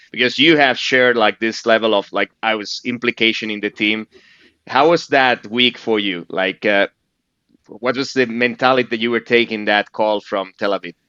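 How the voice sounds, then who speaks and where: Low bright-voiced male host, hesitant. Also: smooth, dry recording. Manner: hesitant, many "uh" fillers. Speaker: podcast host. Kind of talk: interview questions. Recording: dry, slightly dull sound.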